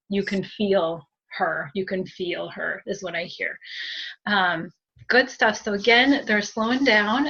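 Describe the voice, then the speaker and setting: A woman's voice: mid-range voice, fairly bright tone, dull audio. A woman giving a spiritual group reading as a medium, chatty and giggly, with many fillers and thanks.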